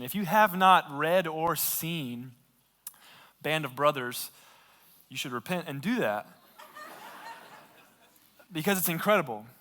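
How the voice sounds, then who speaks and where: A man's voice: on the high side, pushed and bright. A man preaching a sermon as a pastor, retelling a story casually and with lots of fillers. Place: church sanctuary. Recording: long reverb of a large hall.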